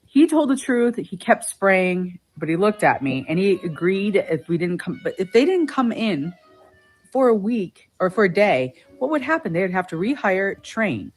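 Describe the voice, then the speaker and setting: A woman's voice: medium pitch, very animated, normal speed. A woman vlogger ranting casually to the camera, agitated as she retells her arguments.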